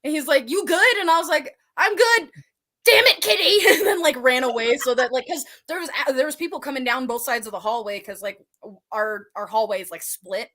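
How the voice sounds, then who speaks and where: Woman, stream guest, chatty, lots of "like", acts out quotes, slightly high voice. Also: fast, a bit bright. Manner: chatty storyteller, acts out quotes, many "like" fillers. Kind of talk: casual livestream chat.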